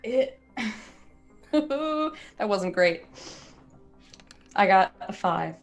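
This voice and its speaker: A woman's voice: mid-range voice, animated, extremely slow, soft background music. Woman playing a tabletop game. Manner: friendly, casual in-character talk. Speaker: player. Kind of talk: tabletop role-play.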